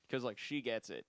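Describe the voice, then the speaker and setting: A man's voice: mid-range voice, no room sound, studio quality. A man co-hosting a podcast in casual chat, easygoing and chuckling between remarks. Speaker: podcast co-host.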